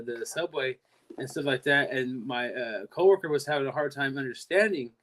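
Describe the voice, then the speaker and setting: A man's voice: mid-range voice, a bit bright, slight background noise. A man with a Californian accent hosts a casual livestream. He rambles through long stories, often repeating himself and trailing off mid-thought. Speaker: livestream host. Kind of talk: casual live-stream chat.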